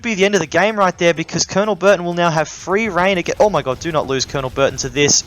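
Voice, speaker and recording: A man casting a strategy game replay in casual commentary, thinking aloud and breaking into excited exclamations. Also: sits high, fast talker, hardly any pauses. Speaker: gaming YouTuber casting a replay.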